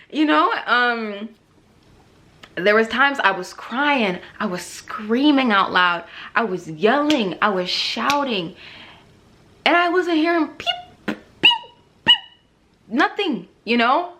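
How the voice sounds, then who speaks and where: Animated young woman sharing a testimony. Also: fairly high pitch, slow, long pauses, a little hiss or hum. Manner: emotional, rambling, laughs often, many fillers. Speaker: vlogger sharing her faith testimony. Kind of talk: casual personal testimony.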